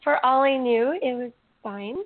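A woman's voice: on the high side, measured pace, no echo. A woman hosting an interview podcast, emotional and rambling with many fillers as she tells stories. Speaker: podcast host. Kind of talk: casual interview chat. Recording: tinny call audio.

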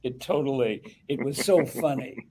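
Older man, halting mellow recollection. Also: mid-range voice, slight background noise, poor audio. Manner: rambling, halting recollection with many restarts. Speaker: actor guest. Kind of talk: conversational interview.

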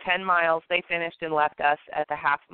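A woman co-hosting a podcast, telling a personal story in a casual, animated way and acting out the people in it. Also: sits low, brisk, clean tone, dry recording. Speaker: podcast co-host. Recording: tinny phone-line sound.

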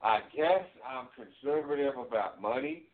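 Brief: male co-host, relaxed rambling talker, mid pitch, phone-line quality. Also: moderate pace. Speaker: radio co-host. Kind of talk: casual chat. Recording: tinny phone-like sound.

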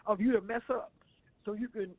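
A man co-hosting a casual talk show, telling stories in an animated way and repeating himself. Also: high-pitched, brisk, dry recording. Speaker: co-host. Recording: tinny phone-like line.

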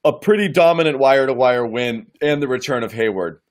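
A man hosting a casual sports talk show, animated and quick to mock. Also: mid-range voice. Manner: animated, does mocking quoted voices. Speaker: podcast host.

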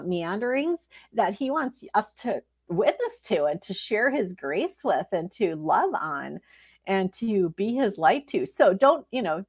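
Woman speaker, devotional teaching; earnest, expressive, mid-pitched, warm laughs. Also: breathy edge. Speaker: Christian speaker.

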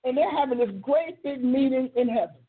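A woman who hosts a ministry show, teaching a sermon with emphatic storytelling and drawn-out stresses, in a husky voice. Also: sits high. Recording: tinny phone-line sound.

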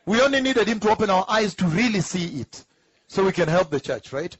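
A man preaching a teaching sermon, emphatic, who repeats key phrases slowly, asks rhetorical questions and chuckles between points. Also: high-pitched, animated, husky, dry recording, dull audio.

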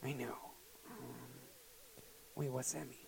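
A man's voice: mid-range voice, fairly even intonation, takes it slowly, gravelly, darkish tone, rough recording. A man playing a hungry, neglected little boy who shows up at the door late at night, whiny and hesitant. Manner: whiny, childlike, hesitant with ums.

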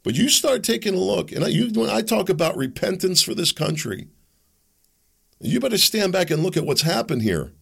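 A fired-up male podcast host delivering political commentary with a gravelly edge to his voice. His pitch runs a bit high and swings widely as he preaches and hammers rhetorical questions, stumbling over repeated words in the heat of it. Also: sing-song, moderate pace. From United States. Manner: repeats words when heated.

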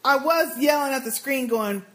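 A woman co-host, chatty and easygoing, walks through TV scenes and acts out the characters' lines as she goes. Her voice is pitched high for a woman. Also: moderate pace, a bit bright. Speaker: podcast co-host. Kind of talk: casual TV recap chat.

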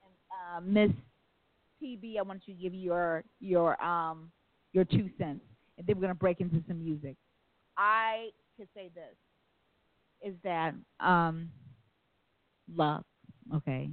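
A woman's voice: lowish voice, slow pace, long pauses, dry recording. Woman radio host over a phone-thin line. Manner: earnest storytelling, rambling asides. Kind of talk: call-in radio talk. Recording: phone-like, dry sound.

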